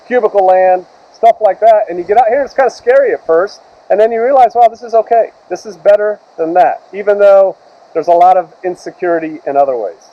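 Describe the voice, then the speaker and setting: A man preaching a sermon as pastor, reading scripture slowly and loudly, then retelling it in casual words. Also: sits high, lo-fi sound.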